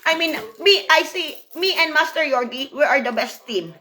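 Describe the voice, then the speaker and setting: High-voiced woman venting emotionally. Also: expressive, normal speed, bright, forceful tone. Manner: emotional, repeats herself, frequent "you know". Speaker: former apprentice. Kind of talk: emotional personal vlog monologue.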